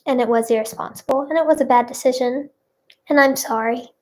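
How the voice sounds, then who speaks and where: High, bubbly woman streamer. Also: a little fast, darkish tone. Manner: bubbly, reads out viewers' guesses. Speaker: livestream host. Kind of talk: playful live chat with viewers.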